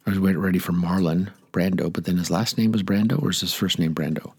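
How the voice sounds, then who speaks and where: A man's voice: deep voice, steady tone, quick pace, darkish tone, breathy edge, no room sound. An older man, a pastor teaching the Bible on air in a chatty, rambling way with jokey asides, speaking into a studio microphone.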